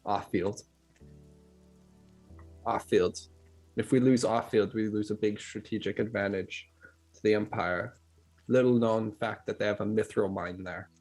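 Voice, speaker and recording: A man playing a stern male village master who gives brisk orders. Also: on the low side, fairly even intonation, darkish tone, soft background music.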